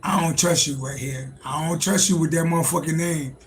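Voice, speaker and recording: A man hosts a casual livestream, riffing and swearing freely as he answers his chat. His voice sits a little high and carries a gravelly fry. A faint room ambience hums behind him. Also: steady tone, fairly quick, slight background noise, low-quality recording. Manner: loose, profane, joking, talks to chat. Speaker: livestream host, tarot reader.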